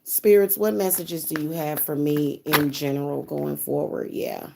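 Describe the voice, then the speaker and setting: A young woman with a somewhat low-pitched voice vents on camera in a heated, profane monologue. She curses freely and stumbles into repeated words as her temper flares. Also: fairly even intonation, a little slow, gravelly, background noise. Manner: heated, cursing, repeats herself when upset. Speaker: spiritual reader and vlogger. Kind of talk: angry, profane venting monologue.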